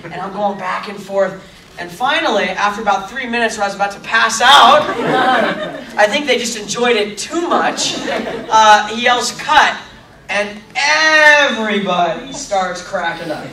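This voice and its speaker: A man, an actor guest, tells an animated anecdote to a live audience, laughing often and acting out what people said. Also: sits high, measured pace, crowd noise. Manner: lively storyteller, laughing often, acting out quotes. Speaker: actor guest on a convention stage. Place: large convention hall. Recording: echoey hall from far off with faint noise.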